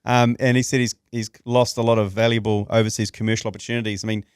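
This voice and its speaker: A man's voice: lowish voice, little pitch movement, fast, clean tone, no echo, studio quality. A man, co-hosting casual banter in a rambling, teasing way with plenty of ums. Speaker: podcast co-host.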